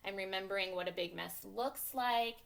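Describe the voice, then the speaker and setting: Bright, upbeat woman teacher walking young kids through a reading lesson. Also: medium pitch, moderate pace, gravelly, slight background noise. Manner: upbeat teacherly, talks to herself while writing.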